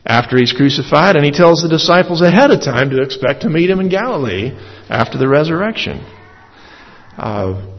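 A man giving a verse-by-verse Bible teaching, in a measured, thoughtful way with many filler "uh"s. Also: mid-range voice, breathy edge. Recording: dull audio with long hall reverb.

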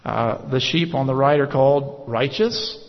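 A man preaching a verse-by-verse sermon, measured and explanatory with many "uh" pauses. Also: mid-range voice. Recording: echoey hall, dull lo-fi sound.

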